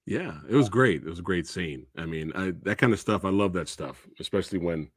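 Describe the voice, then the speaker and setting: A man's voice: low voice, fairly quick, fairly bright tone, husky. A man hosting an interview, enthusiastic, mostly giving short agreeing replies. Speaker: host. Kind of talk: casual interview talk.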